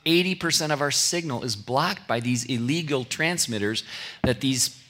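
Male pastor, middle-aged, from California; bright tone, casual storytelling sermon. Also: mid-range voice, moderate pace. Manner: conversational storytelling with anecdotes and asides.

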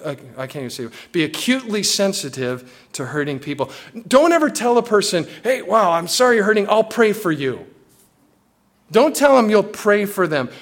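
A man preaching a sermon as a pastor, animated and acting out the voices of people he quotes. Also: sits high.

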